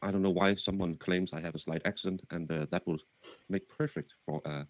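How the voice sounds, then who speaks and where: A man from Denmark, introducing a fairy tale reading haltingly with many fillers. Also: sits low, steady tone, no room sound. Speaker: streamer reading fairy tales. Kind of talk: casual spoken introduction.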